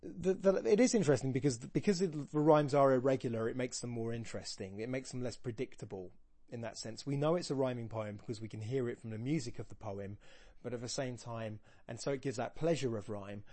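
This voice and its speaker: A man talks through a poem in a loose, joking way, often doubling back on himself. His voice sits at an ordinary pitch for a man. The recording is close and dry, with no room sound. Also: brisk, dark tone, no room sound. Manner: rambling, jokey, self-deprecating, with frequent restarts. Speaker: podcast host discussing poetry. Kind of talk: casual spoken analysis.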